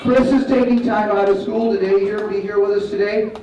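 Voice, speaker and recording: A male martial arts instructor leading a school assembly, giving loud commands and calling for the kids to repeat after him. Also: high-pitched, fairly even intonation, a little fast, background noise. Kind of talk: school assembly talk with call-and-response. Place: large school hall or gym. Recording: echoey hall, distant, dull sound, faint crowd.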